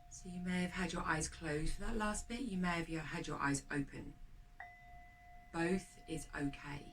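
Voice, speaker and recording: A woman with a low, deep voice leads a guided meditation. She speaks in a soft, slow, gentle way and encourages the listener. A faint hiss sits under her voice. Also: poor audio. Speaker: meditation teacher.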